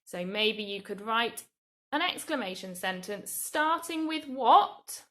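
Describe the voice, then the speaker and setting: An English woman, a primary school teacher, giving a recorded grammar lesson to young children in a slow, clear, patient way. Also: a little high, animated, fairly bright tone. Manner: slow, clear, patient explaining with drawn-out example words.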